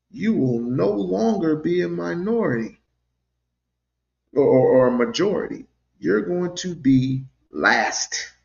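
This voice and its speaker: A man's voice: mid-range voice, vocal fry, muffled recording. A man co-hosting a livestream call-in, lecturing emphatically. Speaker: livestream co-host. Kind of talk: call-in commentary.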